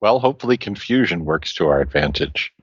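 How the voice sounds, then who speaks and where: A man's voice: low-pitched, animated, brisk, slightly rough, no echo, muffled recording. A man playing a tabletop game, casual and playful. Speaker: player.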